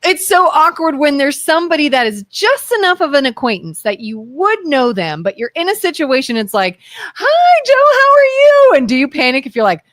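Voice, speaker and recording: Radio cohost lady, high bouncy voice, tells stories animated, dry close mic. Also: fairly quick, hardly any pauses, dry recording. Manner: animated storyteller, acts out voices. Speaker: radio talk show co-host. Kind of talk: casual radio talk.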